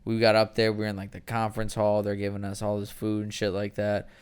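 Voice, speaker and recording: Low smooth-voiced laid-back man. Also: completely flat delivery, fast, darkish tone. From Wisconsin. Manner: laid-back, swears casually. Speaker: podcast host. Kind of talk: casual chat.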